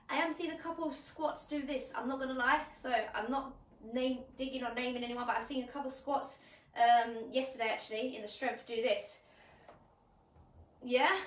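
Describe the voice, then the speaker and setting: A woman's voice: high-pitched, moderate pace, fairly bright tone. A woman fitness coach, leading a live online workout at home in a chatty, upbeat way and laughing often. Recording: echoey room.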